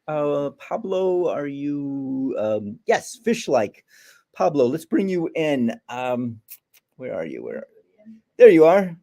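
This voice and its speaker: A man's voice: on the high side, big pitch swings, slow pace, vocal fry, mellow. A man hosting a live film festival stream, chatting with a filmmaker in a friendly, filler-heavy way.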